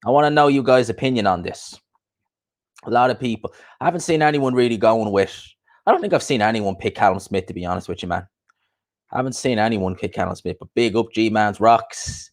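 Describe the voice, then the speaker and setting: A young man hosting a casual boxing livestream, chatting loosely and giving repeated shout-outs to viewers. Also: fairly low pitch, animated, brisk. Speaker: boxing podcast host.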